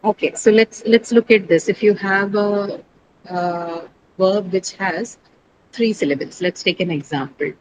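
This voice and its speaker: A woman's voice: mid-range voice, a little slow, noisy background. Woman teaching an online class. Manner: explanatory, quizzes students, frequent "right?" checks. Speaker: English teacher. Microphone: video call.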